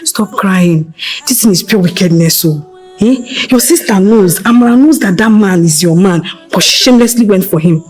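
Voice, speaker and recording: An actress with a Nigerian accent playing a sly palace servant who fusses and scolds. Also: female voice, mid-range voice, animated, moderate pace, a little mellow, faint music behind, natural voice. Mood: scolding. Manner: scolding, fussy. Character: scheming palace servant woman, meddling and sly. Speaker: supporting actress. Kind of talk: film drama acting.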